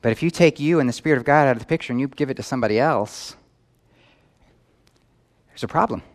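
A man's voice: mid-range voice, fast talker. A man preaching a sermon, asking the listeners question after question. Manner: asks the audience questions. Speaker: pastor. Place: church in New York.

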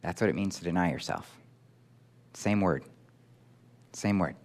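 A man preaching a sermon, emphatic and animated, acting out quoted voices as he teaches. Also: low voice, unhurried.

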